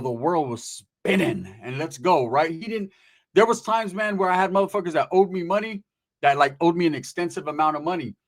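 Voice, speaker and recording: A man telling crude, animated stories in a casual, profane way, often tagging right? onto his lines. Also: high voice. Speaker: podcast host telling stories.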